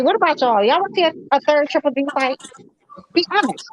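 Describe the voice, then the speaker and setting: A woman's voice: sits high, lively intonation, fast talker, dry recording, low-quality recording. A woman from Chicago hosting a casual online chat, joking and laughing at herself. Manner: joking, laughing, self-mocking.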